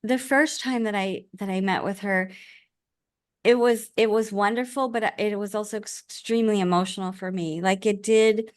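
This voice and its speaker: A woman's voice: mid-range voice, fairly even intonation, normal speed, clear, resonant tone, dry recording, clean studio sound. A middle-aged woman guest speaking earnestly and from the heart in a casual interview, often restarting her sentences. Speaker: podcast guest, author and life coach.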